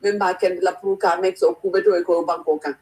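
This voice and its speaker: A woman's voice: fairly low pitch, steady tone, fast, darkish tone, poor audio. Chatty woman panelist. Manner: chatty storyteller, mixes English with local language. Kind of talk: talk show discussion.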